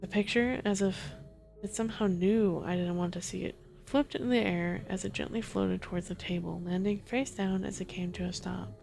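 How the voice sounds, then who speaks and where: A woman reads a first-person horror story in a soft ASMR delivery. Her voice sits in a plain middle range and stays steady. Faint music plays quietly behind her. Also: medium pitch, moderate pace, vocal fry. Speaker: story narrator.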